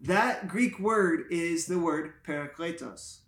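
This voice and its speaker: A man's voice: on the high side, takes it slowly, fairly bright tone. A man, a pastor and podcast co-host, explaining Bible passages in a casual, playful and enthusiastic way. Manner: playful, enthusiastic teacher who jokes and explains. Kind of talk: casual Bible teaching chat. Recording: roomy echo.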